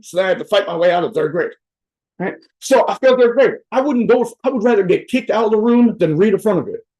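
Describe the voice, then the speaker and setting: Over a video call at a virtual event, a man gives a loose, profanity-laced motivational talk, joking, wandering off topic and ending most points with "right?" His voice sits high and is a little mellow, and the audio quality is poor.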